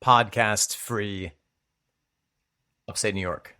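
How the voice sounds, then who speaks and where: A man's voice: on the low side, fairly even intonation, slow pace, pushed and bright, clean tone. A man co-hosting a podcast in casual comedic chat, tossing in jokey, riffing asides. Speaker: podcast co-host.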